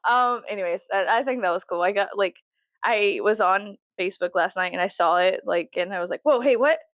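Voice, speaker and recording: A woman's voice: mid-range voice, steady tone, fairly quick, fairly bright tone, no echo. A young woman from Texas rambling casually and profanely to camera as a vlogger, jokey and chatty.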